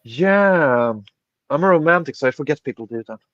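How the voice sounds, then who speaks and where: A man's voice: a little high, expressive, moderate pace, a bit bright, no echo. A man hosting a casual livestream chat, rambling with lots of fillers and swearing freely. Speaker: podcast host. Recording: dull lo-fi dry sound.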